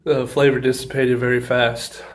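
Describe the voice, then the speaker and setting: A man talking casually in a solo review vlog, halting with many ums and pauses, a bit out of breath, with a runny nose and a burning mouth. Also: mid-range voice, little pitch movement. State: slightly out of breath from pepper heat. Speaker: pepper reviewer.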